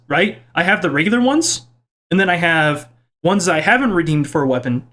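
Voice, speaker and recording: Playful young man with a raised voice. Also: a bit bright. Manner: playful, self-mocking, quick swings in pitch. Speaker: YouTuber reading viewer comments. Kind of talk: casual vlog commentary. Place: home kitchen.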